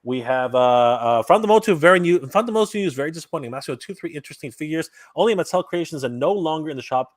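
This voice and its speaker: A man from Canada hosts a live stream, greeting viewers one by one with upbeat shout-outs. His fairly high voice jumps around a lot in pitch. The sound is dry and close. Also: expressive, fast talker, hardly any pauses, no room sound. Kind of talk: casual live-stream chat, reading viewer comments.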